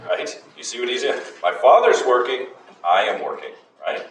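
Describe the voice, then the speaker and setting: Guy teaching bible class, emphatic, asks lots of questions, far off in a boomy room. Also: very animated, moderate pace, fairly bright tone. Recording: echoey room, far from mic, faint noise.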